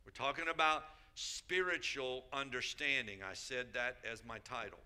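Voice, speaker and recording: A man preaching as a bishop, his voice pitched a little high and piercingly bright. He drives his points home by repeating phrases and calling out to his listeners. The delivery is emphatic throughout. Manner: emphatic, repeats key phrases, calls out to the congregation. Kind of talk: sermon.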